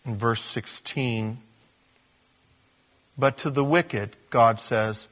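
A man preaching a conversational sermon as a pastor, with animated bursts. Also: medium pitch, extremely slow.

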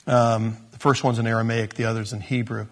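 Husky-voiced man teaching the Bible casually. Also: medium pitch, flat delivery, a little fast. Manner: chatty and storytelling, with frequent restarts and sarcastic asides. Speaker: pastor.

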